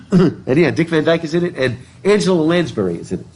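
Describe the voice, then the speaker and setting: A middle-aged man teaches a literature class, his voice a bit husky and muffled by a mask. He rambles through tangents, reads passages aloud and keeps asking the students questions. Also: on the high side, very animated, moderate pace, darkish tone. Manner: chatty, digressive, asks the class questions. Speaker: college professor. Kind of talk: classroom lecture with reading aloud. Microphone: recording device in a classroom, speaking through a mask.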